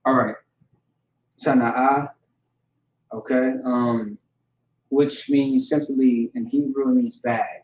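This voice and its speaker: A man leads a casual word lesson, saying each term over several times and pausing often to check in. His voice is mid-pitched and sits in a roomy, echoing space. The recording is dull and lo-fi. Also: steady tone, a little hiss or hum. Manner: repeats words slowly and checks in with "all right" and "okay". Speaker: language teacher. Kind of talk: informal vocabulary lesson. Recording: echoey room, dull lo-fi sound.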